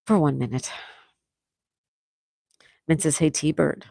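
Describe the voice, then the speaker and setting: A woman's voice: sits low, slow pace, creaky, mellow, no echo, studio quality. A woman hosting a casual livestream, chatting and reading out viewer comments, laughing often. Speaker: livestream host.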